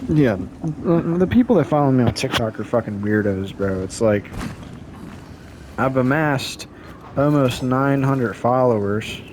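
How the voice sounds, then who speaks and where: A man's voice: medium pitch, darkish tone. A man with an ordinary mid-range voice rants casually to his camera. His delivery is blunt, profane and rambling, full of restarts. A faint hiss sits under the voice. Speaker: vlogger.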